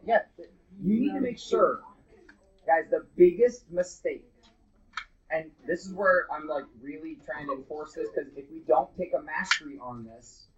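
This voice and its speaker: A man teaching a math class live in a classroom. He talks casually and bluntly, with jokes for his students. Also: a little high. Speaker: middle school math teacher. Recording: dull lo-fi classroom recording.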